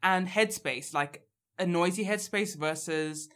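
A woman co-hosting a podcast in casual chat, animated and teasing, with quick bursts. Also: fairly low pitch. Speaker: podcast co-host.

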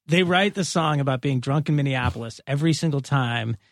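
A man's voice: medium pitch, a little fast, no room sound, clean studio sound. A man in a casual chat, wry and chuckling.

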